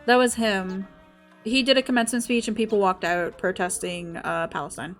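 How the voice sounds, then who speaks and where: A woman's voice: medium pitch, steady tone, normal speed, fairly bright tone, soft background music. A young woman from the States, chatting casually as a game streamer, laughing often and swearing freely. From Southern United States. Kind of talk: casual chat while gaming.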